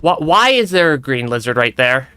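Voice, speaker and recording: A man's voice: mid-range voice, big pitch swings, normal speed, pushed and bright, clean tone, no room sound. A young man giving casual let's-play commentary, stammering and restarting often and laughing between remarks. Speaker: streamer.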